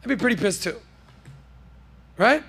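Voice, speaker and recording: A high-pitched, gravelly man hosting his podcast with bright, forceful energy. He riffs through the news in an animated, jokey way and tosses asides to his crew. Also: a little slow. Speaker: podcast host.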